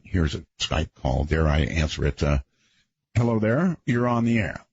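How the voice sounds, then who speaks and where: A radio talk show host, a man with a husky voice, talking in a rambling, conversational late-night monologue with folksy asides. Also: low voice, animated, normal speed, darkish tone, dry recording, lo-fi sound.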